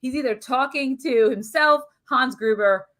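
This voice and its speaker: A woman's voice: high-pitched, unhurried, fairly bright tone. A woman co-hosting a casual movie review chat, talking loosely and often hunting for the right word. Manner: searches for words, chatty, laughs often. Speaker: podcast co-host.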